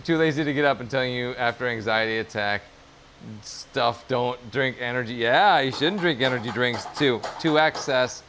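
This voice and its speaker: A man's voice: medium pitch, moderate pace, a bit bright, slight background noise. A man chatting casually on a livestream while working on leather in his workshop, upbeat and encouraging, rambling with fillers. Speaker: streamer and leather crafter.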